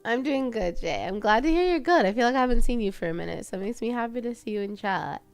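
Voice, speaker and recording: A woman's voice: a little high, animated, fast, clean tone, faint music behind. A young woman streamer with a slight Texan twang, chatting casually with her viewers while she works, self-deprecating and laughing often.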